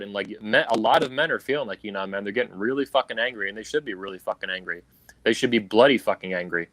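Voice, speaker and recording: A man's voice: lowish voice, fairly bright tone, no room sound. A man hosting a livestream, delivering a heated, profane political rant in an angry, emphatic way over a video call. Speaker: livestream host. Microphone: video call stream.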